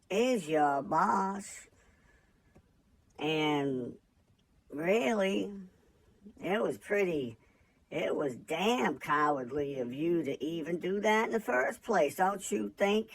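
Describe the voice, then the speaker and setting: A woman playing a reproachful, gravelly-voiced interviewer. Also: fairly low pitch, animated, takes it slowly, heavily acted. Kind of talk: satirical comedy interview.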